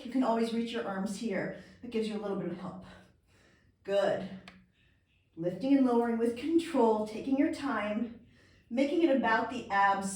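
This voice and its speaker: A woman's voice: on the high side, darkish tone, heavy reverb, far from the mic. A woman Pilates instructor giving chatty, encouraging cues, breathing hard as she exercises along. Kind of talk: workout instruction.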